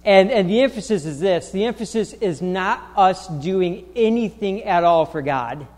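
A male pastor with a high voice preaches in a church, his words ringing with a long hall reverb. He speaks haltingly, restarting phrases and filling gaps with "uh" and "um". He presses his points with growing insistence. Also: lively intonation, darkish tone. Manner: halting, with many restarts and fillers; grows emphatic and insistent. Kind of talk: sermon. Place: church sanctuary.

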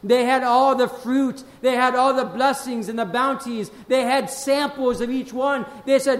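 A man with a notably high voice preaches a sermon, reading scripture with slow, swelling emphasis. Between readings he drops into quieter asides and speaks straight to his listeners, doubling his phrases for effect. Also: fairly even intonation. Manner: addresses the congregation directly, repeats phrases.

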